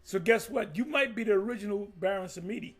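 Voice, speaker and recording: A man's voice: high voice, fast. A man giving heated, profane, mocking commentary on a religious group, rambling with restarts.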